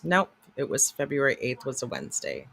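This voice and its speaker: A woman co-hosting a casual livestream, telling a story in an animated, swearing way and acting out the people she quotes. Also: rumbling low, a little fast, gravelly, slightly rough. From Canada. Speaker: co-host.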